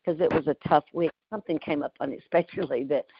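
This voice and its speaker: Gravelly woman telling folksy stories. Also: low-pitched, fast, no room sound. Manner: folksy, emotional, often laughing. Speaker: community call host. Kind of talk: heartfelt personal storytelling. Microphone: video call. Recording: dull lo-fi call audio.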